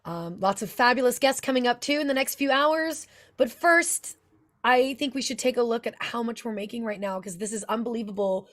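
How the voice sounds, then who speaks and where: A woman hosts a charity livestream and welcomes viewers back with real enthusiasm. Her voice sits fairly high for a woman. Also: fairly quick, fairly bright tone. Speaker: telethon host. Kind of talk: livestream hosting.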